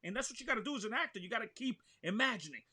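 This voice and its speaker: A man, an actor talking excitedly in a remote interview, full of "you know what I mean". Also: high voice, very fast, breathy edge. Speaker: actor and show host, guest. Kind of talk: animated conversational interview.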